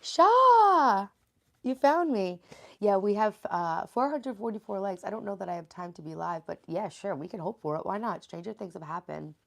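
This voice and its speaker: Raspy, sleepy woman chatting on stream. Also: on the low side, brisk, hardly any pauses, a little mellow. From New York. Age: 30s. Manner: chatty, greets viewers by name and reads chat aloud. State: sleepy, just woke up. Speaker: live-streaming vlogger. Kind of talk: casual live-stream chat. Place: her bedroom at home.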